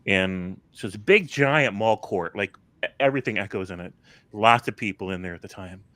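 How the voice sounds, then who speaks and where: Relaxed storytelling man, dry sound. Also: fairly low pitch, a little fast, no room sound. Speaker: podcast co-host. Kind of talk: casual chat.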